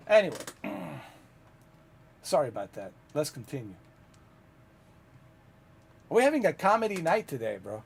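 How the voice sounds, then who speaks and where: A man's voice: a little high, expressive, moderate pace, long pauses. A man hosting a gaming video, ranting casually in a blunt, profane, rambling way with many fillers. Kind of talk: casual rant over gameplay.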